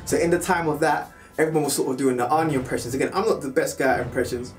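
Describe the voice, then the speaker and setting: A British man telling a story in a casual, animated way to his viewers, now and then breaking into loud film impressions. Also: on the high side, fast talker, distant mic, over loud music. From United Kingdom. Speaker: vlogger.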